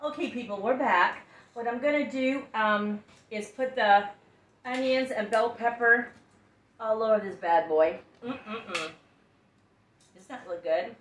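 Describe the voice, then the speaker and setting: A woman's voice: fairly high pitch, measured pace, fairly bright tone. A woman hosting a casual home cooking video, chatty and laughing often, talking straight to her viewers. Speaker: home cooking show host. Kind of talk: casual cooking demo chat. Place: home kitchen. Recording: echoey kitchen with faint noise.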